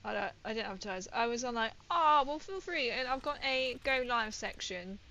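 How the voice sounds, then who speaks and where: A woman streamer with a slightly fast, sharp, fairly high voice chats casually and rambles while playing a game on a livestream. She laughs often and reads out viewer comments, and the recording quality is low.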